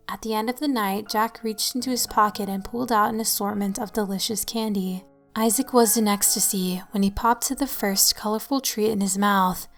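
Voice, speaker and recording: A woman reads a creepy tale in a steady, scripted narration, her pitch mid-range for a woman. Faint music plays behind her. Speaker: storyteller.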